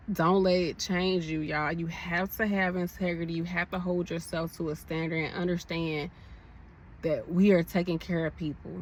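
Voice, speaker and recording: A woman's voice: mid-range voice, slight background noise. A young woman nurse from the American South ranting emotionally to her viewers, passionate and preachy, calling them y'all. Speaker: nurse vlogger. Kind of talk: emotional casual rant to camera.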